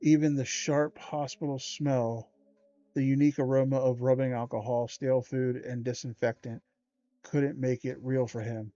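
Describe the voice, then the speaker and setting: A man's voice: medium pitch, moderate pace, dry recording. A man hosting a livestream, reading a children's horror book aloud with small stumbles along the way. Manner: steady read-aloud with small stumbles and slangy asides. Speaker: livestream host. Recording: dull lo-fi stream audio.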